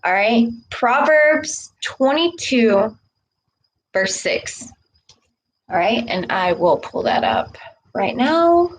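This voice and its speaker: A woman giving a casual spiritual talk to camera, preaching with a steady stream of "okay" and "all right". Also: a little high, takes it slowly, long pauses, slight background noise, low-quality recording. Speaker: spiritual vlogger.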